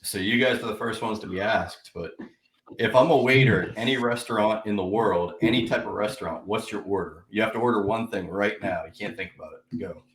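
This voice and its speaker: Low-voiced man in a roomy space. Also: brisk, a bit bright, a little hiss or hum. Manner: laid-back, asking questions. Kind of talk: casual chat. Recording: roomy echo.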